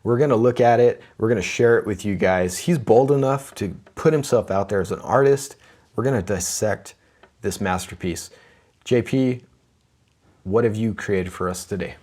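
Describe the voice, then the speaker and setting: A man's voice: on the low side, moderate pace, darkish tone. A man co-hosting a comedy podcast, chatting casually and teasing his friend with bursts of laughter. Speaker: podcast co-host.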